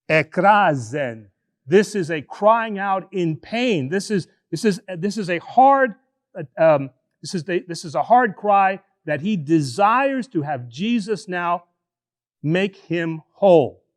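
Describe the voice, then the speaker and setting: A man, a priest, preaching an animated, conversational sermon in church, drawing out words for emphasis. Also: high-pitched.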